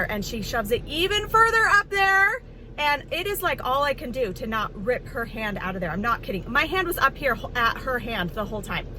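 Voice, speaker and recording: A woman's voice: high voice, fairly quick. Chatty woman vlogging over traffic noise. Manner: chatty, expressive, many fillers. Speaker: nursing home worker. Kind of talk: casual vlog storytelling.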